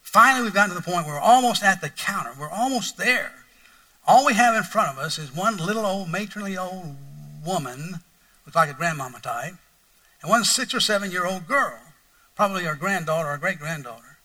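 A man's voice: sits high, expressive, fairly quick, bright, forceful tone, far from the mic, poor audio. A middle-aged man preaching a sermon as pastor, telling a folksy story with lots of repetition and bursts of mock outrage.

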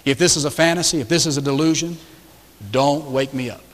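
A man's voice: fairly high pitch, steady tone, brisk. A male pastor preaching a sermon in a church auditorium, with rhetorical questions and emphatic repetition. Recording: echoey large hall.

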